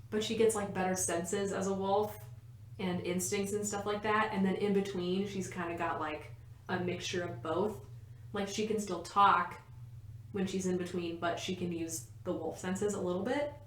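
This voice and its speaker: A woman's voice: lowish voice, fairly even intonation, moderate pace. A woman co-hosting a podcast in casual chat, explaining at length with lots of "like" and frequent laughs. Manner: chatty, laughs often, fills with "like". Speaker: podcast co-host, quizmaster. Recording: roomy echo.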